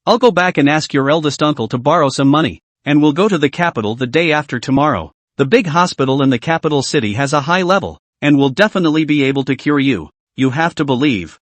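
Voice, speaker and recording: A man's voice: fairly high pitch, animated, fast, few pauses, no room sound. A man narrating a manhwa recap, reading all the dialogue himself in one voice.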